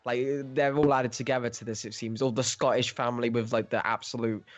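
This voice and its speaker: A man's voice: medium pitch, steady tone, fairly quick, no room sound. A man co-hosts a podcast in casual film talk, rambling and breaking into laughter. His voice sits in the middle range, recorded dry with a slightly dull, muffled sound. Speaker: podcast co-host.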